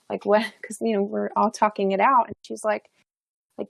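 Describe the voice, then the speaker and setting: A woman's voice: mid-range voice, fairly even intonation, moderate pace, gravelly, dry recording. A young adult woman, a podcast guest, telling a personal story in a chatty way, full of fillers and restarts and frequent laughs.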